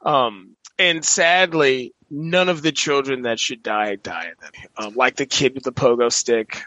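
A man co-hosting a podcast, rambling excitedly about movies and laughing a lot. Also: mid-range voice, measured pace, dry recording. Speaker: podcast co-host. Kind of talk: casual chat about movies.

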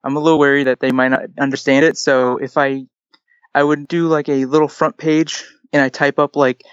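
A man's voice: medium pitch, little pitch movement, a little fast, clear, resonant tone, dry recording. A young man answering interview questions about his comic, rambling and hesitant with lots of "like". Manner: rambling, hesitant, heavy use of "like". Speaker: comic writer guest. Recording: dull lo-fi audio.

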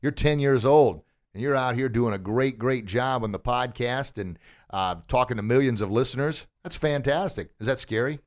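An enthusiastic man hosts a coaching podcast from a recording studio. His voice sits at an ordinary middle pitch. He keeps firing questions at his listener and heaps praise on every answer. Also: moderate pace. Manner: upbeat, encouraging, quizzing and praising. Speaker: podcast host and martial arts instructor. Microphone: studio microphone.

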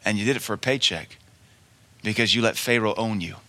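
This preacher's bright, forceful voice cuts through, pitched on the low side and moving a little fast. Delivering his sermon emphatically, he weaves in folksy stories and hammers key lines through repetition.

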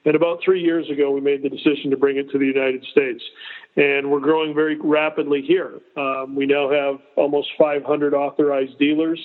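A man's voice: on the high side, level tone, a little fast. A man in his fifties, a guest on a casual interview, explaining at length with frequent restarts. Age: 50s. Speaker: golf company executive guest. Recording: tinny phone line.

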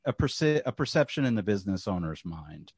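A man's voice: fairly low pitch, very animated, brisk, darkish tone, breathy edge, dry recording, clean studio sound. Southern-accented man in casual talk. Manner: talkative, repeats words when starting sentences. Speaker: podcast co-host. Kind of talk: casual chat.

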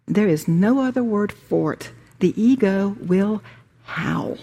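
A woman teaching a spiritual workshop, speaking deliberately with emphatic repetition. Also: mid-range voice, expressive, creaky, warm tone, husky.

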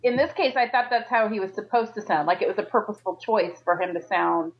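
A woman's voice: mid-range voice, fairly even intonation, fast, lo-fi sound. A woman guest on a podcast, casually explaining her view on a TV show. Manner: conversational, explanatory. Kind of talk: casual TV review chat.

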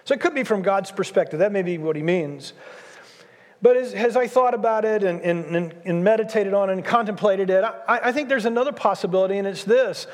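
A man in his sixties preaching a sermon, his voice riding high for a man and pressing hard on each point he repeats. The sound rolls out into a large church hall with a long, lingering reverb. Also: brisk. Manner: emphatic preaching, repeats key phrases. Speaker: pastor.

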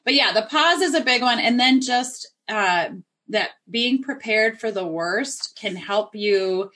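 A woman parenting coach speaks as a podcast guest, her voice sitting a little high. She explains earnestly, lays out example after example, and acts out lines a parent might say. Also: lively intonation, measured pace, a bit bright. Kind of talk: interview guest advice.

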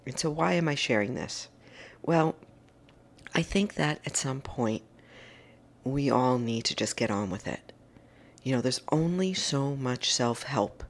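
A woman's voice: a bass voice, animated, measured pace, pauses often. A middle-aged woman hosting a morning message, chatting in a casual, enthusiastic, motivational way. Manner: chatty and enthusiastic, gushing over favourite things. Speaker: host of a daily morning message.

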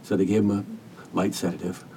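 Gravelly, low-voiced man telling a story. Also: little pitch movement, far from the mic, a little hiss or hum. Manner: earnest, gentle, measured storytelling. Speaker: hospice caregiver, podcast guest. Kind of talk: reflective storytelling interview.

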